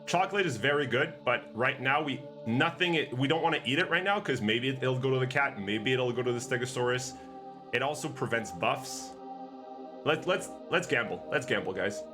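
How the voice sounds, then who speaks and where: Male streamer, playful and animated, fairly high voice over game music. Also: normal speed. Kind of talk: live gameplay commentary.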